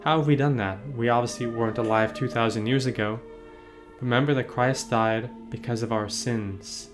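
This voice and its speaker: A man, a priest, leading a catechism meditation on a painting, gently asking the listener questions and answering them. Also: medium pitch, fairly even intonation, normal speed, over music.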